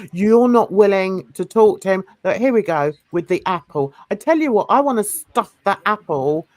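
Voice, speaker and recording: A woman's voice: mid-range voice, darkish tone, dry recording, clean studio sound. A woman hosting a casual panel chat, speaking earnestly and indignantly. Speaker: channel host.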